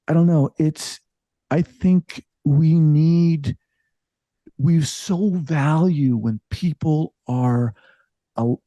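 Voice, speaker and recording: A middle-aged man, a psychologist, talking reflectively in an interview, halting and restarting as he thinks aloud. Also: a little high, dry recording. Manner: reflective, halting, many restarts, lively emphasis. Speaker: psychologist and podcast host, guest here. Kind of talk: casual interview conversation.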